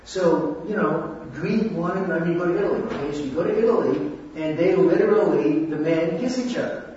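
A man preaching a conversational sermon to a congregation, often checking in with a quick "right?". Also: on the high side, darkish tone, a little hiss or hum. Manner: conversational, asks the audience "right?". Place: church or hall. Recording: distant echoey hall recording, dull.

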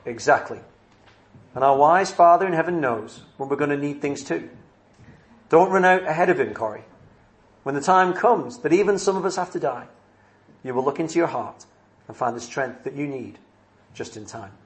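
A gentle, wise father soothes his scared little girl, speaking softly and reassuringly, as a preacher reads him out. His voice sits a little high for a man. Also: normal speed, lightly acted.

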